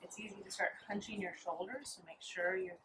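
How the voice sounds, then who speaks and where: A woman's voice: mid-range voice, fairly quick. Female fitness coach giving workout cues while exercising, noisy outdoor recording. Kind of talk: exercise class instruction.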